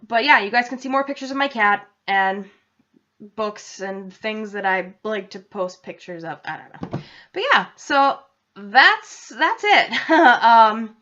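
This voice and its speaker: A woman's voice: fairly high pitch, animated, slow, bright, forceful tone. A young woman from New England chatting casually to her vlog audience, rambling and interrupting herself. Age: young adult. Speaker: vlogger. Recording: dull lo-fi home recording.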